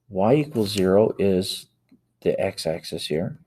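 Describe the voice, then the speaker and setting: A male teacher with a low, dark voice moves at a measured pace through a math lesson. He works each problem aloud step by step, typing into a calculator and correcting his own errors.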